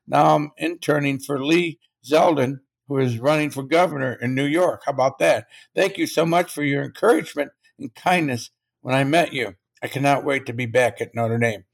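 A man's voice: medium pitch, normal speed, gravelly. An older man, a motivational speaker, telling a story in an interview and acting out the quotes.

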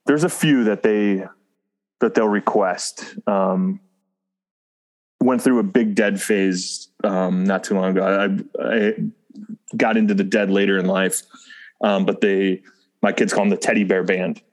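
Low-voiced middle-aged man chatting. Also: fairly even intonation, unhurried. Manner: rambling, self-interrupting, chuckles often. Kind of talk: casual chat.

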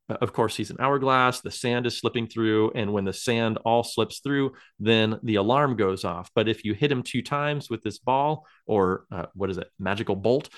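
Casual rambling podcast co-host, man. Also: mid-range voice. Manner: rambling, hesitant, with many fillers and chuckles. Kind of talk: casual chat.

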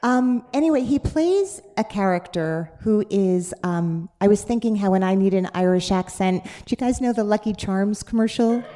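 A woman's voice: mid-range voice, lively intonation, moderate pace, hardly any pauses, dark tone. A woman hosting a live podcast on stage in front of an audience, talking in a playful, chatty way and laughing often. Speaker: podcast host.

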